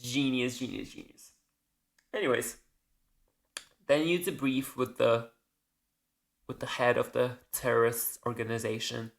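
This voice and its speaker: A man's voice: mid-range voice, fairly even intonation, a little slow, creaky, long pauses. A man hosting a casual solo podcast, rambling and correcting himself as he goes, with the odd casual swear. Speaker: podcast host.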